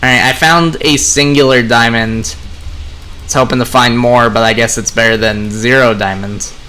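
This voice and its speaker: A man's voice: mid-range voice, normal speed, clean tone. A young man talking casually to his viewers while playing a game, rambling between gameplay and opinions. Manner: relaxed, rambling, talks to viewers. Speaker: gaming vlogger.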